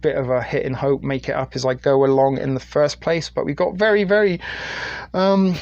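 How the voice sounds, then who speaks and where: A man's voice: medium pitch, steady tone, moderate pace, vocal fry, darkish tone, dull audio. A middle-aged British man from the UK hosting a crude, rambling late-night live stream on his phone and reading viewer chat aloud. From United Kingdom.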